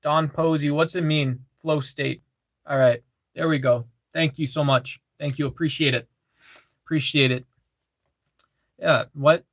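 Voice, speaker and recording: A man's voice: on the high side, fairly even intonation, a little slow, pauses often, a bit bright, no echo. Dry-sounding man chatting on a livestream. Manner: reads chat aloud, repeats phrases, many fillers. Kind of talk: casual livestream chat.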